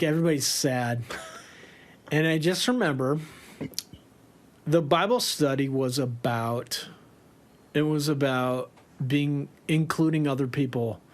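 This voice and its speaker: A man telling a tour story in a casual, animated way, laughing often and swearing freely. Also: a little high.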